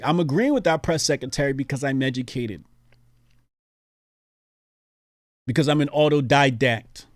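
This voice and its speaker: A man putting on a bootleg old-time British accent as a grandiose colonial-era gentleman. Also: a little high, dry recording, studio quality, pitched above the performer's own voice, close to an everyday voice. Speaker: host.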